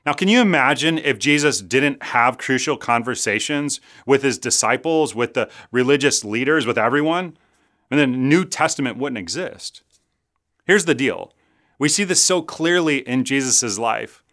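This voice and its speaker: A male pastor giving a sermon in an earnest, conversational way. His pitch is mid-range. He slips into quick acted voices when he retells stories. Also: lively intonation, fairly bright tone.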